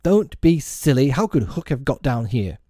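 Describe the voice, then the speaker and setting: A man's voice: medium pitch, very animated, moderate pace, warm tone, no room sound, studio quality. Man doing a cocky storybook boy hero. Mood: bold.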